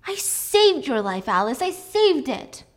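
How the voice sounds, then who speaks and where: A woman's voice: high-pitched, big pitch swings, unhurried, pitched above the performer's own voice. A woman voicing a controlling husband who keeps coaxing and reassuring his wife. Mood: pleading. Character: controlling husband, soothing and insistent.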